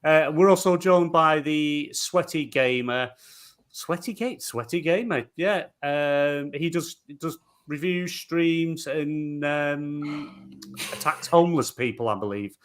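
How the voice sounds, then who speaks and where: Chatty teasing podcast host. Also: male voice, a little high, slow pace. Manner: chatty, teasing, talks over others. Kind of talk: casual chat.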